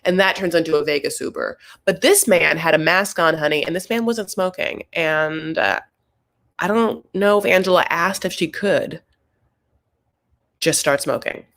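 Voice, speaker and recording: A chatty woman recapping a reality show in a casual, gossipy way. She talks straight to her viewers, animated and full of asides and "honey"s. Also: lowish voice, moderate pace.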